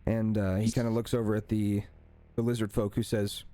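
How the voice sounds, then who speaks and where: A man narrating a tabletop game as dungeon master. His voice sits a little low, and he talks loosely, full of fillers and quick self-corrections. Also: level tone, mellow, no room sound. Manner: casual, lots of "uh" and self-corrections.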